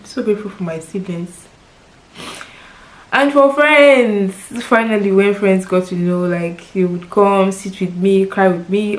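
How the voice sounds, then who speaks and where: A woman's voice: mid-range voice, rough recording. A woman in her thirties with a Nigerian accent, telling a personal story in a vlog, heartfelt and tearful at times, repeating words for emphasis. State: crying at times. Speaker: lifestyle vlogger.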